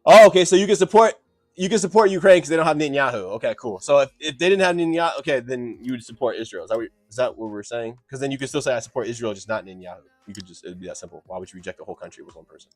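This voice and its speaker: A man debating his chat on a live stream, lecturing and combative, swinging from loud outbursts to muttered asides. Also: mid-range voice, animated, quick pace, no room sound, faint music behind.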